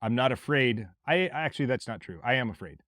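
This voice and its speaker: A man from Mississippi with a Southern accent, hosting a podcast as a blunt, forceful motivational monologue with plenty of swearing. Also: medium pitch, expressive, a little fast, no room sound, studio quality. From Mississippi, USA. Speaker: podcast host.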